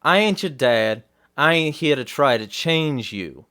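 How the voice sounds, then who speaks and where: A man's voice: a little high, expressive, unhurried, pushed and bright, smooth. Blunt, profane man ranting on a livestream. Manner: profane, blunt, restarts mid-sentence. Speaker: host.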